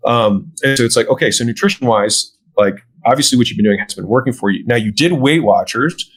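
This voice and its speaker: A man as a podcast guest, explaining how he sells fitness programs in casual conversation and often checking in with a quick "right?". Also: mid-range voice, slight background noise, low-quality recording. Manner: acts out sales dialogue, often tags "right?". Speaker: podcast guest, gym business owner.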